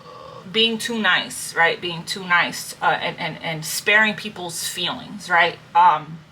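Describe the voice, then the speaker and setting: A woman's voice: fairly low pitch, takes it slowly, bright, forceful tone, a little hiss or hum. A woman reading tarot and giving spiritual advice in a casual, earnest monologue, repeating herself and checking in with her listeners as family. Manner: earnest, repetitive, checks in with "okay?" and "right?". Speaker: tarot reader.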